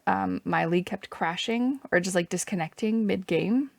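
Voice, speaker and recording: A woman's voice: medium pitch, normal speed, gravelly, dry recording. A woman from Canada chatting casually and wryly while streaming a strategy game, rambling between moves. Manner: chatty, rambling, wry asides.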